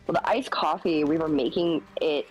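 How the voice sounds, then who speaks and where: A woman's voice: sits low, normal speed, poor audio. A young woman streamer telling a work story in casual chat, acting out the people she quotes. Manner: animated, acts out quoted voices. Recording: music playing behind.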